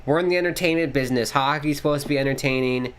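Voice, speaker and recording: A man hosting a casual live watchalong, calling the play-by-play excitedly and swearing casually. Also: quick pace, clean tone. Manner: excitable, jumps pitch on big plays, swears casually. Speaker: watchalong host.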